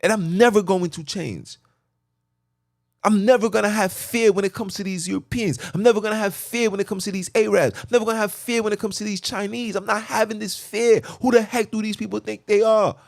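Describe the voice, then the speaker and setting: Agitated high-voiced man ranting in a car. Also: steady tone, fairly quick, gravelly, no room sound, studio quality. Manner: fervent, preachy, repetitive. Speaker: podcast host. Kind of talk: impassioned rant.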